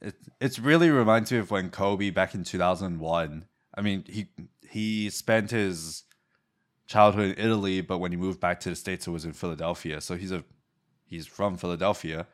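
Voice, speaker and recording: Guy with a really low voice just shooting the breeze on a podcast, laid back, laughs a lot. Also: moderate pace. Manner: relaxed, laughing, acts out quotes. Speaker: podcast co-host. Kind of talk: casual sports chat.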